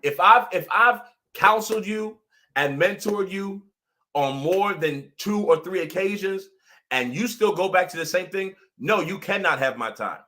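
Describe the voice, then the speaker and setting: A man hosting a casual motivational livestream as pastor and coach, animated, often laughing and repeating his points for emphasis. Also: on the high side.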